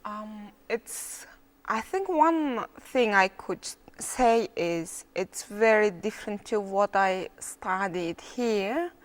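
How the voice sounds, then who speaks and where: A woman from Mongolia speaks with a Mongolian accent, her native tongue shaping each English phrase. She picks her words carefully and haltingly, pausing to find the next one. Her pitch sits in an ordinary middle range as she answers an interviewer's questions. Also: animated. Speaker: interviewee, veterinarian.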